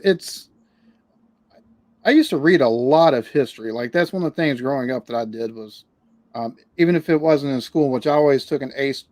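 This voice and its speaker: A man's voice: medium pitch, a little mellow, no room sound. A man from the United States, the guest on a casual interview, who rambles, restarts often and swears casually. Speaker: podcast guest, reaction channel creator.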